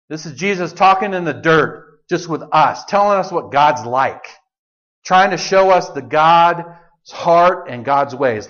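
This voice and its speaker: Conversational preacher man with a high voice. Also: fairly bright tone, muffled recording. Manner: conversational preaching, shifts into quoted voices of God. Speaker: pastor. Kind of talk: sermon.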